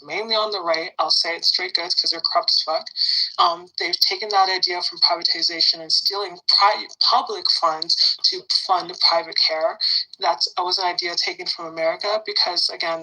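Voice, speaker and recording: A woman's voice: fairly low pitch, pushed and bright, rough recording. A woman from Canada talking politics in a blunt, outspoken way, swearing freely in casual chat.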